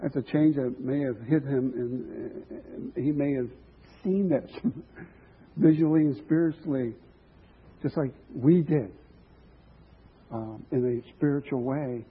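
A man's voice: medium pitch, slow pace, long pauses, slightly rough, big-room sound. A man preaching a sermon, earnest and musing, with chuckles and some restarts. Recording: tinny phone-like line.

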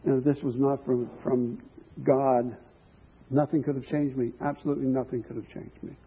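A man's voice: medium pitch, flat delivery, moderate pace, slightly rough, big-room sound. A man preaching a sermon, earnest and musing, with chuckles and some restarts. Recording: tinny phone-like line.

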